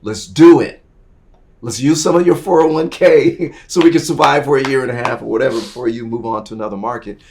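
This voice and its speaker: A middle-aged man telling his career story in an interview, acting out the people in it and swinging from quiet asides to loud, excited bursts. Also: brisk. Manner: animated, acts out dialogue, swings from low asides to loud bursts. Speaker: interview guest.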